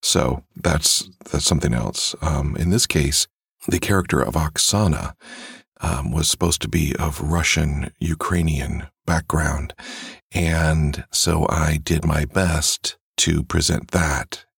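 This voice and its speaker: Very deep husky man with a cold. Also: slow pace, no echo, studio quality. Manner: relaxed, musing, many fillers. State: has a cold. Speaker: audiobook narrator. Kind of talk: casual podcast talk.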